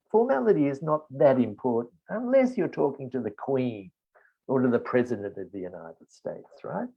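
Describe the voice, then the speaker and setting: A middle-aged man with an Australian accent, answering test questions in a teaching webinar and explaining slowly with strong emphasis. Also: on the high side, gravelly. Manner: slow, deliberate explanation with emphatic stresses. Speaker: IELTS expert answering questions. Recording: dull lo-fi webinar audio.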